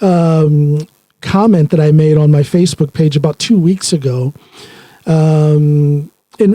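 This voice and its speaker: A middle-aged man, a podcast host, talking earnestly in a casual conversation, often halting with fillers. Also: a little high, warm tone, dry recording. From rural Ohio, United States.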